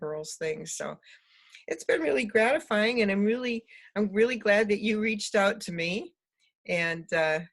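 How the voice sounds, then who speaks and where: An older woman, an interview guest telling stories in a lively way, often laughing and acting out the voices of people she quotes. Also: mid-range voice, measured pace. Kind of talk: storytelling conversation.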